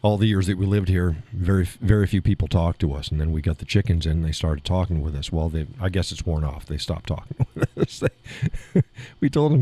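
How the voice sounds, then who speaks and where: A man with a deep, mellow, slightly husky voice chats casually on his live stream. He rambles from one thought to the next and breaks into chuckles often, recorded in a small home studio. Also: lively intonation, normal speed. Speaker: live show host.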